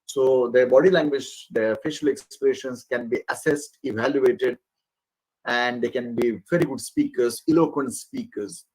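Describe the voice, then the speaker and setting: A man giving an online faculty training lecture, expressive and often pausing with fillers. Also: medium pitch, slightly rough, poor audio. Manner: expressive, animated, with frequent fillers. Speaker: college lecturer.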